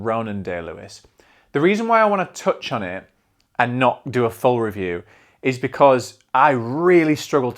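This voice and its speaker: A man's voice: mid-range voice, a bit bright. Chatty Northern English man reviewing films. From north of England. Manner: chatty and digressive, with many restarts. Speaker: film reviewer and show host. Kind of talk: casual film review monologue.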